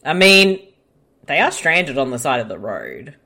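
A woman with an Australian accent co-hosting a casual movie commentary, making wry quick jokes. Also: a bass voice, wildly swooping pitch, sharp tone. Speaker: podcast co-host.

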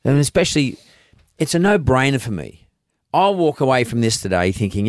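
A man's voice: mid-range voice, big pitch swings, fairly quick, few pauses, no room sound, clean studio sound. A middle-aged Australian man hosting a podcast in casual interview chat, emphatic and folksy, often repeating himself as he makes a point. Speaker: podcast host.

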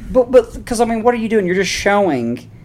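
Crude joking man with lively pitch. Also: normal speed. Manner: crude, joking, laughs often. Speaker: podcast co-host. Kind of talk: casual chat.

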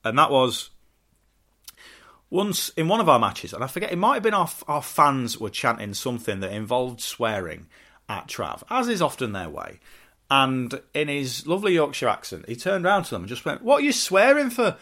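A man hosting a casual solo podcast, heartfelt and rambling with restarts, bursting into excitement now and then. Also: mid-range voice, moderate pace. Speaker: podcast host and wrestling promoter.

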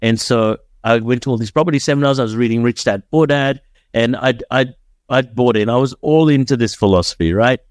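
A man's voice: medium pitch, brisk, dry recording, studio quality. A young adult man from Dubai, a podcast guest telling his story in casual chat, often tagging sentences with "right?". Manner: storytelling, frequent "right?" tags.

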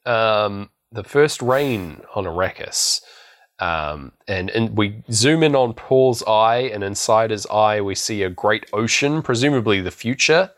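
Lively low-voiced man recapping a film. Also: measured pace. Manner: rambling storytelling with frequent laughs. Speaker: podcast co-host. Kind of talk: casual film recap chat.

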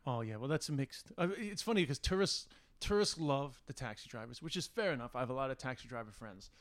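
A man's voice: medium pitch, animated, fast talker. A man in casual chat, teasing with wry banter. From Ireland. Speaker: comedian, co-host.

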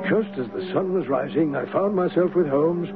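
A man's voice: a little high, animated, normal speed, over loud music. An actor playing a flustered, loyal male doctor who also narrates a radio drama, with a hesitant, stammering manner. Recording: tinny lo-fi radio broadcast with faint hiss.

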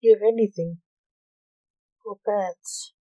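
A dry, joking young man who meets his captors with wisecracks, read by a woman. The delivery is slow and mellow. The recording is close and dry. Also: medium pitch, fairly even intonation, no echo, low-quality recording. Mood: sardonic. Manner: sarcastic, dry jokes.

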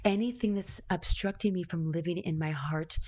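A woman with a slightly low voice speaks in a confessional monologue about her own experience. She drops to hushed, near-whispered phrases, then pushes into intense, emphatic runs of repeated words. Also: moderate pace.

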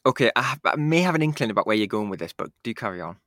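A man's voice: on the low side, very animated, rapid-fire, a bit bright, no echo, studio quality. Self-deprecating male podcast co-host. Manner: self-deprecating, laughs often. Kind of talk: casual chat.

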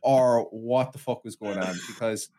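Casting: male podcast co-host, mid-pitch, sweary comic ranter who riffs through mocking voices. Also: moderate pace, dark tone. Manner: sweary, riffing, mimics voices in quotes. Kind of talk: casual film review chat.

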